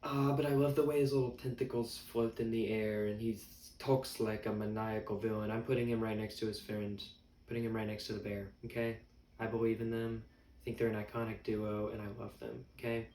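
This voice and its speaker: A man's voice: fairly low pitch, little pitch movement, fairly quick, a little mellow. A man chatting casually as a vlogger, rambling and joking at his own expense. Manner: rambling, jokey, self-mocking. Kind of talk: casual chat. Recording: echoey room, mic at a distance, faint music.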